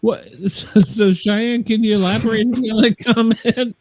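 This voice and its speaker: A man's voice: sits high, little pitch movement, unhurried, a little mellow, dry recording. A man hosting a casual podcast chat, teasing the others and laughing often. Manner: giggly teasing, laughs a lot.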